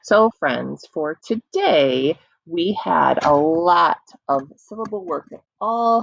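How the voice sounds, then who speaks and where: A woman teacher leading an online early-reading lesson, encouraging the children and stretching words out slowly so they can clap the syllables. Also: fairly low pitch, animated, creaky, dull audio, slight background noise. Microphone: computer mic.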